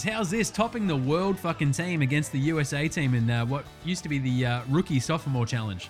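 A man's voice: on the high side, a little fast, hardly any pauses, faint music behind. A man with an Australian accent hosting a basketball podcast, ranting brashly and swearing constantly in a jokey way. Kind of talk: profane comedic sports rant.

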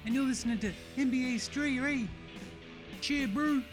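Brief: man doing a laid-back Kiwi baller bit, high, soft, drawling, over music. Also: normal speed. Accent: New Zealand. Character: laid-back Kiwi male basketball player.

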